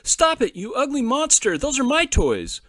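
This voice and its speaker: A man reading a children's storybook, voicing a poor, tearful small boy in a high, shouty child voice. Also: lively intonation, moderate pace, dry recording. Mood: shouting upset.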